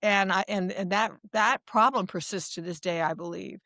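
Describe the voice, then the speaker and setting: Animated American woman telling her story. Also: mid-range voice, moderate pace, no echo, studio quality. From United States. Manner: animated storyteller, acts out dialogue, many restarts. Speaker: guest, human rights advocate and lawyer. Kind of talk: interview answers, storytelling.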